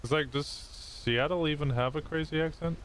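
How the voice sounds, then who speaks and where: A man's voice: a little high, normal speed, fairly bright tone, slight background noise. A man streaming, chatting casually, rambling and swearing freely as he thinks aloud.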